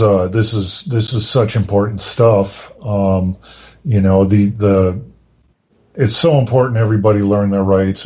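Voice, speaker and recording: Mellow low-voiced male podcast host. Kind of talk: casual interview talk. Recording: dull lo-fi audio.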